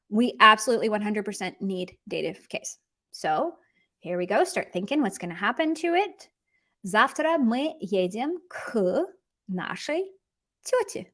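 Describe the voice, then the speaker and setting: Lively woman teaching grammar. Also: a little high. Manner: upbeat, teasing quiz prompts, switches between English and careful Russian. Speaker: Russian language teacher. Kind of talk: online grammar lesson.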